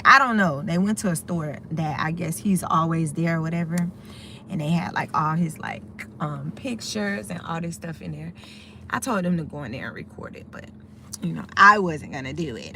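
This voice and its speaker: A talkative middle-aged American woman streams live from her car outside a store, greeting viewers by name and drifting from story to story. Her voice is fairly low and gravelly, a bit bright, with faint background noise humming underneath.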